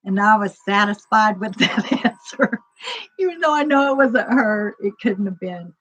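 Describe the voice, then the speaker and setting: A woman's voice: medium pitch, lively intonation, normal speed, fairly bright tone, rough recording. A woman casually telling a personal story, rambling, with lots of fillers and acted-out dialogue.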